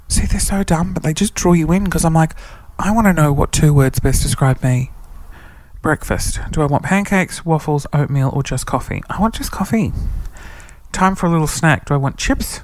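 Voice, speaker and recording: A hungover man in his thirties, whispering wearily in a dark room during a casual monologue as a podcast host. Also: fairly high pitch, dry recording. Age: 30s. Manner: whispering, hushed and weary.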